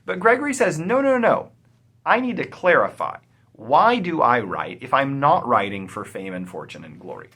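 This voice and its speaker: A man hosting a poetry channel, explaining a poem in an animated, emphatic way, with some fillers. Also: medium pitch, moderate pace, breathy edge. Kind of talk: explanatory video lecture.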